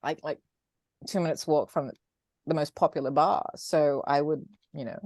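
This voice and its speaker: A woman in her fifties with an English accent, chatting as an interview guest, animated and often laughing, with frequent restarts. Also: low voice, moderate pace, no echo, studio quality. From England. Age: 50s. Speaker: guest, former radio presenter. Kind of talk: casual interview chat.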